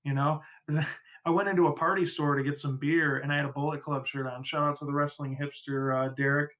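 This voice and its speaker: High-voiced man telling rambling stories. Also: little pitch movement, fairly quick, a bit bright, muffled recording. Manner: rambling storyteller, swears casually. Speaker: podcast co-host. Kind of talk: casual podcast chat.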